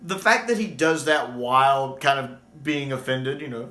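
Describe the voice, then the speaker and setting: A man in casual fan commentary, enthusiastic and animated whenever he repeats a favorite line. His voice sits mid-range. The room around him is echoey. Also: medium pitch, a little slow. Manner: enthusiastic, animated when quoting lines. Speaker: YouTube commentator. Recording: roomy echo.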